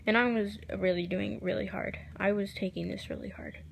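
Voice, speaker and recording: A woman telling a personal story to camera, recounting quoted text messages in a soft, halting voice that drops at times to near a whisper. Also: medium pitch, fairly even intonation, creaky, a little hiss or hum. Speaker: vlogger.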